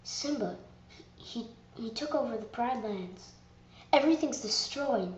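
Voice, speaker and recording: A woman's voice: on the high side, expressive, a little slow, a little mellow, roomy sound, dull audio, slight background noise. A woman voicing an earnest young lioness in a pleading manner, as a fan voice audition.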